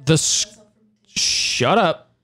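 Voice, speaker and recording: A man's voice: extremely slow, bright, forceful tone. A man co-hosting a podcast in casual chat, telling stories animatedly, laughing often and swearing freely. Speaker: podcast co-host.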